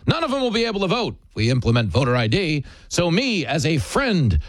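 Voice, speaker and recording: A man's voice: fairly low pitch, wildly swooping pitch, moderate pace, no echo, voice pushed down. A man voicing a mocked, condescending male liberal who talks in a patronizing, preachy way.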